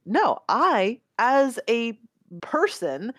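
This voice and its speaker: A woman co-hosting a podcast, talking in an animated, opinionated way. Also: on the high side, drawn-out words, dry recording, studio quality. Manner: animated and opinionated, laughs often. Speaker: podcast co-host. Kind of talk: casual podcast chat.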